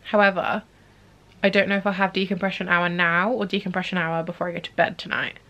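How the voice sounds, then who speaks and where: A young woman with a slightly low voice chats her way through a daily vlog at home. She rambles casually and drops in self-deprecating asides as she goes. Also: level tone, fast talker, bright, forceful tone. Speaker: vlogger.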